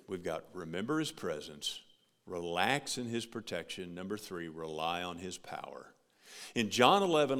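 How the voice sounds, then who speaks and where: Man preaching in an echoing hall. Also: deep voice. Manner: preaching with big rises and soft drops. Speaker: pastor. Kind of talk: sermon. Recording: long hall reverb.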